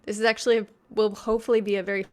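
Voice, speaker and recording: A woman's voice: medium pitch, level tone, racing, darkish tone. A woman musician, a guest, talking casually over a video call and calling herself a nerd. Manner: self-described nerd, casual with fillers.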